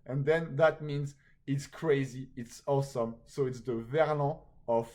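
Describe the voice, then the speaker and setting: Animated man teaching slang. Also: medium pitch, measured pace. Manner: animated, repeats "okay?" after each point. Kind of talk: live online class, explaining slang.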